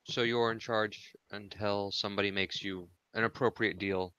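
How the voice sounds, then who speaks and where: A man's voice: on the low side, steady tone, moderate pace, pushed and bright, clear, resonant tone, no room sound, lo-fi sound. A man playing a tabletop role-play game, switching between narrating and speaking in character. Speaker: tabletop player.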